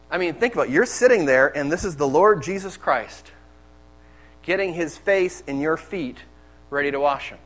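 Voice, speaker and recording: A man with a high voice preaching a sermon. He talks candidly and conversationally, telling his own stories to the congregation. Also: a bit bright, rough recording.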